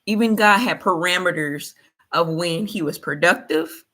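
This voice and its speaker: A woman's voice: on the low side, moderate pace, sharp tone. A woman hosting a motivational faith talk, colloquial, preachy and repetitive. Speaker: host.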